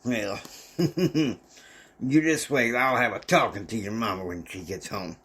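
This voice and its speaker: A man doing a gruff domineering father. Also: fairly low pitch, a little slow, fairly bright tone, heavily acted. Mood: threatening. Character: domineering older rancher father, growling.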